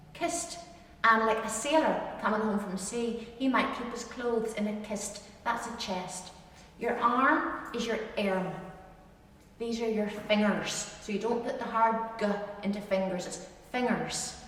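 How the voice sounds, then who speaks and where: A woman's voice: mid-range voice, measured pace. Ulster woman teaching in an echoey hall. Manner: lively, demonstrative, stretches out dialect words. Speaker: tour guide teaching dialect words. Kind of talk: informal spoken lesson. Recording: echoey hall, distant mic.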